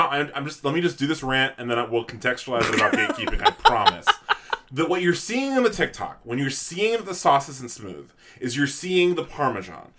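Animated man ranting on a podcast. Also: on the high side. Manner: animated, laughing rant with frequent swearing. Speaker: podcast host. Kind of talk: casual podcast chat.

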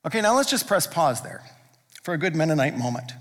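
Man, pastor, high-pitched voice, conversational sermon, emphatic repetition, long church reverb. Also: big pitch swings, a little fast, fairly bright tone. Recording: long reverb from a large hall.

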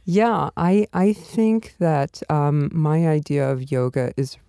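A woman with a mellow, relaxed voice talks in a gentle, soothing way, laughing easily as she chats on a podcast. The sound is dry and close, with no room around it. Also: deep voice, slow pace, smooth, no echo. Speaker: yoga teacher and writer. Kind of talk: casual podcast conversation.

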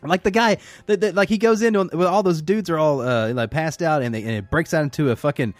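A man co-hosting a casual movie podcast, excitedly retelling scenes with plenty of swearing. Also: on the high side, quick pace, dry recording, faint music behind. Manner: enthusiastic, profane, animated retelling. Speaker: podcast co-host. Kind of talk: casual movie-discussion banter.

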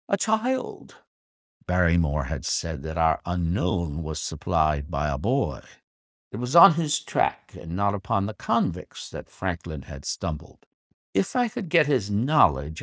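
A man narrating a classic novel as an audiobook, telling the story in a measured, expressive way. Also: sits low, dry recording, clean studio sound.

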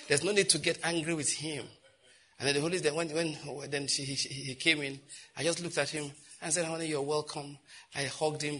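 A middle-aged male pastor preaching a sermon, telling stories and rising to loud, impassioned outbursts. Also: fairly high pitch, husky.

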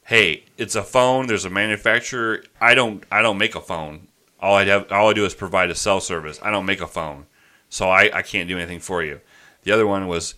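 A man telling an angry customer-service story in casual chat, animated and profane. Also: low-pitched, brisk. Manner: animated ranting with profanity, quoting people in his voice. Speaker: podcast host telling a story.

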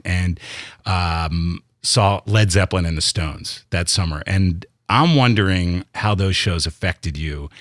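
A man's voice: sits low, no echo, clean studio sound. A man interviewing a guest, asking long conversational questions with short backchannels.

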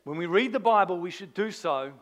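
A man, a pastor, preaching a sermon in an animated, conversational way, full of rhetorical questions. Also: sits high, a little fast.

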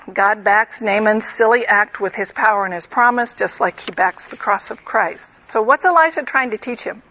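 A woman's voice: medium pitch, sharp tone, lo-fi sound, a little hiss or hum. A woman teaching a Bible lesson, reading a passage and then explaining it in a conversational way with humorous asides.

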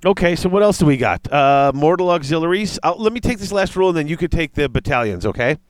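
A man in casual chat, reading tabletop game rules aloud and reacting with excitement. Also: a little high, quick pace, no echo. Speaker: tabletop wargame player discussing rules.

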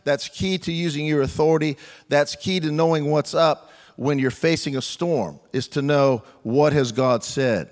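A man preaching a sermon in a conversational, humorous way, often acting out quoted lines. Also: medium pitch. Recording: reverberant hall.

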